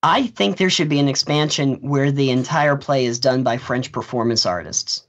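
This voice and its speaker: A man's voice: mid-range voice, moderate pace, a bit bright, muffled recording. A man hosting a game podcast, asking questions and cracking playful jokes. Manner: joking, playful asides. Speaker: podcast host. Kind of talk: podcast interview.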